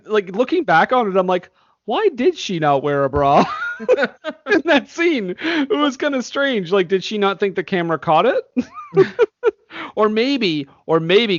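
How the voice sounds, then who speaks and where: Male podcast co-host, casual, laughs a lot, slightly high voice, dull dry recording. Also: dry recording. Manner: laughs often, animated. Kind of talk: casual chat.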